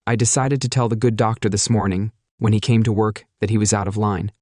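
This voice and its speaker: A man narrating a first-person relationship story in a steady, even delivery. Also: on the low side, a little fast, no room sound, clean studio sound.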